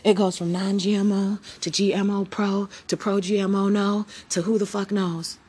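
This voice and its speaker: A woman hosting her own podcast in a rambling, preachy motivational monologue that swings between loud and hushed. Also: medium pitch, little pitch movement, normal speed, breathy edge. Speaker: podcast host.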